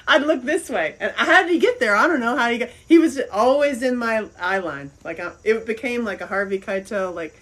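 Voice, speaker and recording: A woman's voice: a little high, animated, moderate pace, fairly bright tone, poor audio. A middle-aged woman, chatting on a livestream, rambling and laughing often as she reads out comments. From American South. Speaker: livestream host. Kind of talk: casual livestream chat reading comments.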